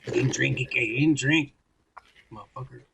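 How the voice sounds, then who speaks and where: A man's voice: medium pitch, normal speed, creaky, noisy background. A man co-hosting a podcast, chatting casually, swearing often and reading viewer comments aloud. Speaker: podcast co-host. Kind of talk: casual drunk podcast banter.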